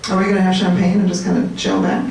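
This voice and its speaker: A woman giving an animated, chatty talk to a room of people, joking with her audience. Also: on the low side, fast talker, a little hiss or hum. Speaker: speaker at a political meetup. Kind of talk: lively speech to a crowd. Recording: echoey room, mic at a distance.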